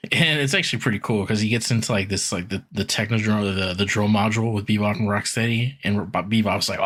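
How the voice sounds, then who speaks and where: A man's voice: on the low side, fairly bright tone. A man co-hosting a podcast, casually retelling a cartoon episode in a rambling way with lots of fillers and acted-out quotes. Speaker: podcast co-host recapping an episode. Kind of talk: casual chat, animated retelling.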